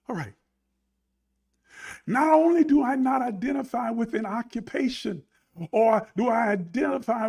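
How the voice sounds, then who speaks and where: A man preaching a livestreamed sermon, building from low talk to shouted emphasis and calling on listeners to respond. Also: gravelly, slightly rough. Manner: calls on online listeners to respond.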